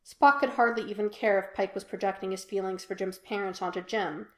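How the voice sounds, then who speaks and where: Woman reader, fan fiction audiobook, unhurried storytelling, roomy echo. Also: medium pitch, fairly even intonation. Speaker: podfic reader. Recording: echoey room.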